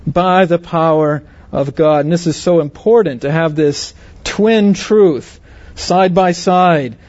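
High-voiced man teaching a sermon. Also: takes it slowly, darkish tone, dull audio. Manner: asks the audience questions, stresses words. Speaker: Bible teacher.

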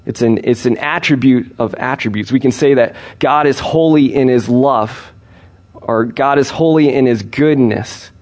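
A man preaching a sermon, explaining scripture in an earnest, steady teaching manner with frequent restarts. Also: mid-range voice, measured pace.

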